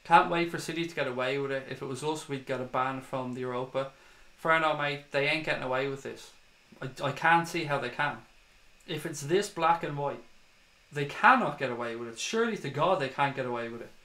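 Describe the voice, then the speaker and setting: A man's voice: medium pitch, fairly quick, bright, forceful tone. Irish male fan-channel host, ranting and profane, echoey room. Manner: heated, swearing, ranting. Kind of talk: livestream commentary reading comments.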